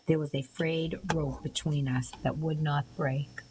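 Low female narrator, measured audiobook read, light hiss. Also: rough recording. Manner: measured, even storytelling with occasional small slips. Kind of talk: scripted narration.

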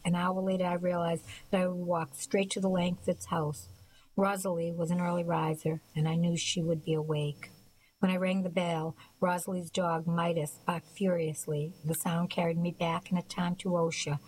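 A woman narrating a novel as an audiobook, in a soft, quiet voice that sometimes drops to a whisper. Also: on the low side, breathy edge, poor audio.

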